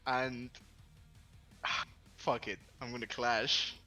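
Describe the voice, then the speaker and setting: A man's voice: medium pitch, little pitch movement, extremely slow, sharp tone, soft background music. A man playing a tabletop game over a voice call who swears a lot and describes his moves in rambling sentences full of fillers. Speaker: player. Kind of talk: casual tabletop game play. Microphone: computer headset or desk mic on a voice call.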